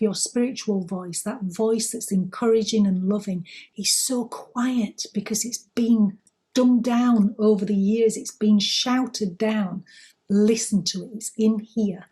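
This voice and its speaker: A woman's voice: mid-range voice, warm tone. A woman co-hosting a spiritual chat, earnest and encouraging, who laughs easily. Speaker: spiritual teacher and co-host.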